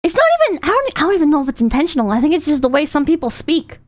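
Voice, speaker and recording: A woman streamer chatting casually to her viewers, animated and rambling, swearing freely. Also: high-pitched, very fast. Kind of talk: casual reaction stream chat.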